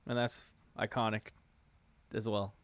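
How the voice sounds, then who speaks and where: A man hosts a casual nerdy podcast, laid-back and quick to laugh. His voice is smooth and clear, recorded close and dry with no room sound. He swears casually as he chats. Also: on the low side, little pitch movement, a bit bright, no echo. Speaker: podcast host. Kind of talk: casual chat.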